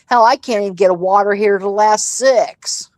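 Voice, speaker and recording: A blunt, middle-aged woman hosts a casual chat and rants freely, swearing as she goes. Her voice sits at an ordinary pitch, and the recording is dry and close with no room sound. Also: normal speed, darkish tone, dry recording, low-quality recording. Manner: blunt and profane, ranting. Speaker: host.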